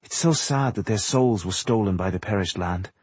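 A man voicing a friendly, caring young woman blacksmith in a storybook reading, speaking gently. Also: on the low side, normal speed, slightly rough, dry recording. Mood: sad.

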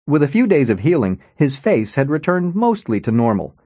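Guy reading a novel aloud, storytelling voice, really animated, dead dry recording. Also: fairly high pitch, moderate pace, slightly rough, no room sound. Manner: expressive storytelling. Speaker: audiobook narrator. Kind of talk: scripted narration.

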